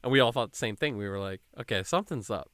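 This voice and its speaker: A young man tells a long story in casual podcast chat. His voice is bright and clean, and the sound is dry and close to the mic. He rambles on animatedly and puts on quick voices for the people he quotes. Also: on the low side, dry recording. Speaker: podcast host.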